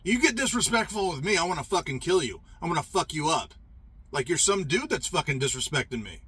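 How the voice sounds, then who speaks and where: A man's voice: fairly high pitch, expressive, a little fast, bright, forceful tone, breathy edge. A man ranting in a profane, rambling monologue about his service days.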